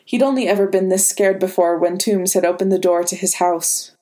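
A woman reading a story aloud as narrator in a measured, dramatic way. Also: on the low side, steady tone, dark tone. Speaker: fan fiction reader. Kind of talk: scripted narration.

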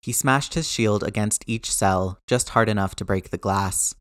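A man narrating fiction aloud in a lively, expressive reading. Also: on the low side, normal speed, no room sound, clean studio sound.

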